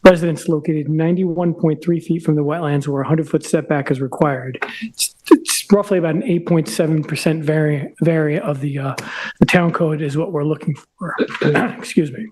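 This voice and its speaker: A man with a somewhat high voice presents a case before a local board. He is hoarse, as if losing his voice, and talks in a halting way, often restarting words and clearing his throat. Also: darkish tone, rough recording. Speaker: applicant's representative at a zoning hearing. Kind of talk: formal presentation at a public meeting.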